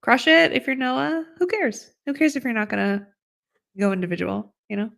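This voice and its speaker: A woman's voice: a little high, expressive, normal speed, gravelly, fairly bright tone. A woman co-hosting a podcast in casual chat, upbeat and chatty, with frequent fillers. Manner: upbeat and chatty, often says 'like'. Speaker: podcast co-host.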